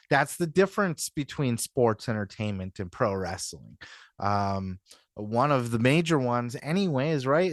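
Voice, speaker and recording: A man's voice: medium pitch, no room sound, studio quality. A man hosting a podcast, talking in a rambling, casual commentary style with lots of "you know what I mean" and some swearing. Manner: acts out quotes in mock voices. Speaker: podcast host.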